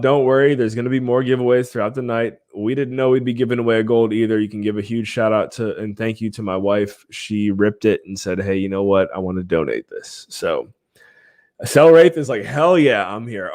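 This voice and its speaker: A man hosting a live podcast stream, chatting casually and hyping the giveaways for his viewers. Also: fairly low pitch. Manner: excitable, hypes the giveaways with countdowns.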